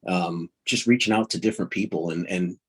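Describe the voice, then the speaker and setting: A middle-aged man from the northern United States chats as a podcast guest, his voice low and a little husky. He talks in a halting, self-correcting way, with frequent restarts and laughter. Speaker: voice actor guest. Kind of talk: casual podcast interview.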